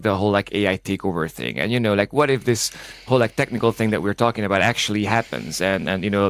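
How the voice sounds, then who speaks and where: A man's voice: fairly low pitch, smooth, dry recording. A man hosting an interview in a casual way, full of "like" and "you know" fillers, over a video call. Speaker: podcast host. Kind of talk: conversational interview.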